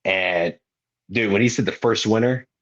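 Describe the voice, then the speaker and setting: A young man with a voice on the low side talks at a measured pace, and the highs are cut off. As a wrestler guest on a podcast, he tells casual, slang-filled stories with energy, acting out the quotes.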